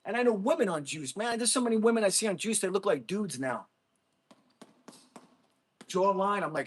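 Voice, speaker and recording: A man's voice: high voice, animated, moderate pace, pauses often, slightly rough. A man hosting a casual livestream, blunt and mocking, laughing often as he reads chat. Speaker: livestream host reading chat. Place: gym.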